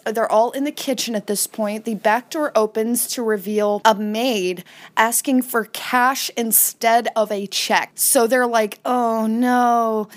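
A woman hosting a podcast, casually recapping an episode in a chatty way and briefly acting out quoted lines. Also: on the high side. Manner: chatty, retells scenes with brief acted-out quotes. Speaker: podcast host.

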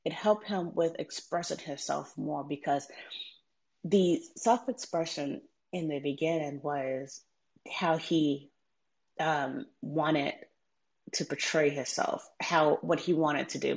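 A woman's voice: low-pitched, steady tone, takes it slowly, gravelly. A mother telling a personal story about raising her son, in a reflective, conversational way with frequent ums. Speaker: mother sharing parenting story.

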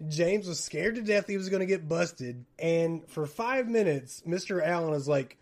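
A man's voice: a little high, a little slow, few pauses. A man, hosting a podcast and telling profane stories with lots of laughter. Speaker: podcast host. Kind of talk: casual storytelling chat.

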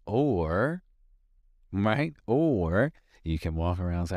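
A man's voice: deep voice, sing-song, takes it slowly, long pauses, darkish tone, no echo, studio quality. A man hosting a motivational podcast, talking emphatically, repeating key lines for weight. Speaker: podcast host and life coach.

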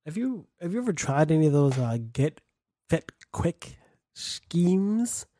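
A man in a casual podcast chat, talking in an animated, profane way and laughing easily. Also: a little high, measured pace, no echo, clean studio sound.

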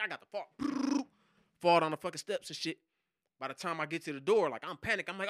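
A man, a podcast guest and hip hop producer, telling a story in casual, profane slang and acting out loud shouted quotes. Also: a little high, lively intonation, fast talker, no room sound, clean studio sound. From Detroit.

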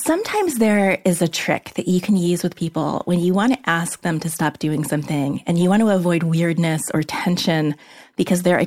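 A woman with a slightly low voice answers a listener's letter about a workplace problem. She speaks frankly and directly, in a relaxed conversational way. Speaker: advice columnist.

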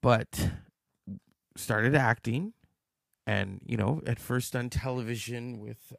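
Gravelly podcast guy, slow and teasing, dry close sound. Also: mid-range voice, dry recording. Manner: teasing, quizzing listeners. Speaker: podcast host. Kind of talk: casual podcast talk.

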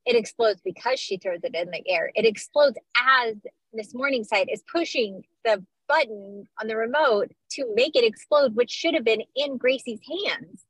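A woman's voice: on the high side, normal speed, a bit bright, breathy edge, dry recording, low-quality recording. A woman co-hosting a podcast, chatting casually about a film, joking and correcting her co-host. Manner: jokey, sings snippets and corrects her co-host. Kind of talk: casual movie recap chat.

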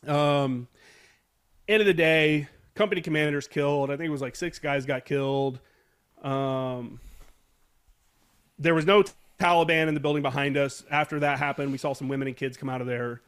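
A fairly high, smooth, fairly bright voice belongs to a U.S. Marine veteran guesting on a podcast. At a normal speed and steady tone, he tells a war story in casual interview style, meandering, swearing, and backtracking as he remembers.

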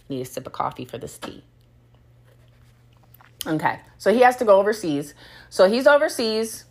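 A woman's voice: lowish voice, fairly bright tone. A woman hosting a podcast, telling a personal story in a blunt, profane, heated monologue. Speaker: podcast host.

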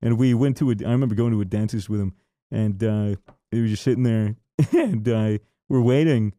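A man's voice: on the low side, a little fast, mellow, dry recording, clean studio sound. A man from the United States co-hosting a podcast, telling stories in casual chat with lots of swearing and acted-out quotes. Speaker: podcast co-host.

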